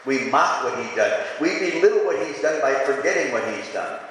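A male pastor with a mid-range, somewhat bright voice preaches fairly quickly and expressively, drawing his church into call-and-response and repeating phrases to drive them home. The sanctuary recording echoes and has a faint background hum of the room.

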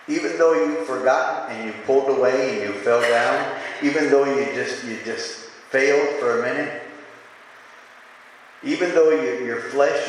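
A man's voice: medium pitch, fairly bright tone. Man preaching in an echoey church. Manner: preaching with call-and-response, repeating lines for emphasis. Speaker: pastor. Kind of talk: sermon. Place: church sanctuary. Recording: echoey church hall with faint room noise.

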